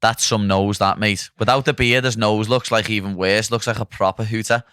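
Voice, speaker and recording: Low-voiced Liverpool man, blunt banter. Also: fairly even intonation, normal speed, fairly bright tone, smooth, no room sound, studio quality. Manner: blunt, sweary, laughing banter. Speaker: podcast host. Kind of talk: casual banter.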